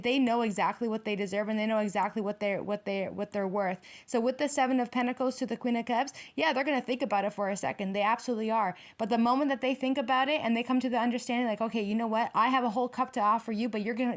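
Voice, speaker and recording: A woman giving a tarot reading straight to her viewers, blunt and heated, swearing freely. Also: fairly high pitch. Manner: addresses viewers directly. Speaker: tarot reader.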